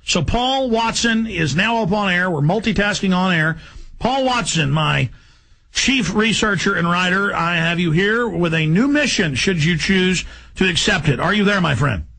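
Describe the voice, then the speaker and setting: Raspy, ranting radio host man. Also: high-pitched, animated, bright, forceful tone, rough recording. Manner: agitated, rapid, emphatic ranting. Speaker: radio talk show host. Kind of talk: ranting talk radio monologue.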